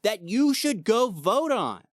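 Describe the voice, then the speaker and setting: A man co-hosting a book club podcast, casually retelling the story in an animated way and slipping into quick character voices. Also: high-pitched, dry recording, studio quality. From Missouri, USA. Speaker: podcast co-host.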